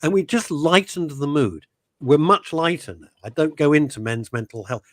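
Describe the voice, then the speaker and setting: A man's voice: a little high, normal speed, fairly bright tone, no echo. A man hosting a radio talk show, speaking passionately and emotionally, rambling with many restarts. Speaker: host.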